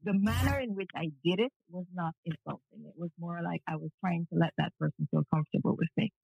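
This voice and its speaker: A woman's voice: on the low side, fast talker, creaky, husky, no room sound. A woman from Jamaica, frank and matter-of-fact, talking as a guest in a casual interview over a remote video call. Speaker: guest, cultural media commentator. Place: at home in the evening. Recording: tinny phone-like call audio.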